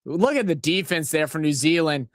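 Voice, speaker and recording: A man's voice: a little high, normal speed, no echo, clean studio sound. A man with a New Orleans accent, rambling and swearing as he casually talks over a live match and tells stories. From New Orleans, USA. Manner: rambling, profane, excitable. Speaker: watch-along host.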